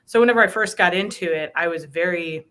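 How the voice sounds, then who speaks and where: A woman speaks earnestly as a guest in an interview, sprinkling her talk with "um" and "you know". Her voice sits a little low yet sounds bright and forceful. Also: fast. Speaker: bank recruiter. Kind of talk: conversational interview.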